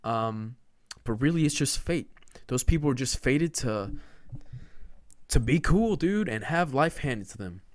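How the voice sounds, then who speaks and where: A man's voice: medium pitch, expressive, unhurried, pauses often, dry recording, studio quality. A man hosting a podcast, giving a riled-up, slangy rant that he keeps peppering with "dude" and "man.". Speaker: podcast host. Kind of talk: casual ranting monologue.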